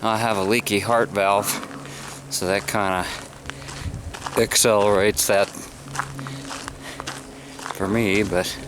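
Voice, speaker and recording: Slow, low-voiced easygoing man. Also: flat delivery, noisy background. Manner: easygoing, chuckling. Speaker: vlogger. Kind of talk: casual outdoor vlog talk. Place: outdoors by a mountain lake.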